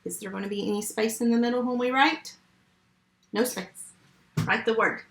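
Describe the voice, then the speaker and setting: A woman's voice: on the high side, fairly even intonation, reverberant, background noise. A woman teaching a first grade phonics lesson remotely, patient and step by step. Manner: slow, patient, step-by-step teaching to young children.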